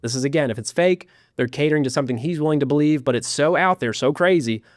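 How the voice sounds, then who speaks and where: A man's voice: on the high side, fast talker, dry recording, clean studio sound. Irreverent man in casual podcast talk. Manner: irreverent, mocking, with frequent restarts. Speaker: podcast host.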